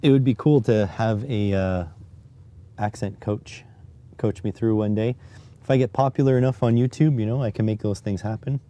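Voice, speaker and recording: Low, mellow-voiced man streaming a build. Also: normal speed. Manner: rambling, joking, self-deprecating. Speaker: electronics hobbyist streamer. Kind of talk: casual live-stream chat while building electronics.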